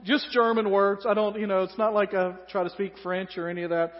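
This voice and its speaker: Southern man, pastor, sermon, conversational with jokes, high voice, reverberant hall. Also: flat delivery, a little fast, muffled recording. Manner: conversational, joking asides.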